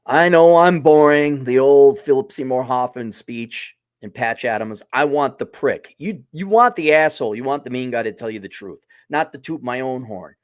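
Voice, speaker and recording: A man's voice: medium pitch, lively intonation, moderate pace, hardly any pauses, smooth, no echo, clean studio sound. A man hosting a casual opinion monologue, talking in a blunt, sardonic, profane way. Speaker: host.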